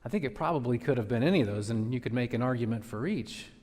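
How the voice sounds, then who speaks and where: A man preaching a sermon as pastor, with dramatic swings between loud emphasis and quiet, slowed phrases. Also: medium pitch, animated. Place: church sanctuary. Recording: long reverb of a large church hall.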